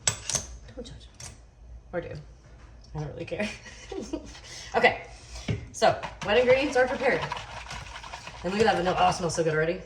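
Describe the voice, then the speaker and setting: A woman's voice: on the low side, animated, fairly quick, long pauses. A woman hosting a casual cooking video in her home kitchen, chatty and joking at her own expense. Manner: chatty, joking, self-deprecating. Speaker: cooking channel host. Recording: echoey kitchen, distant mic, background noise.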